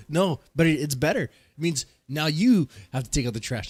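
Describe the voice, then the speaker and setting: A man's voice: mid-range voice, lively intonation, a little fast, hardly any pauses, darkish tone, slightly rough, no room sound. A man hosting his own vlog, rambling and joking through a casual rant with a stuffed-up nose, short of breath, coughing and sighing in his home garage studio. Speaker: vlogger host. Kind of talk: casual ranting storytime.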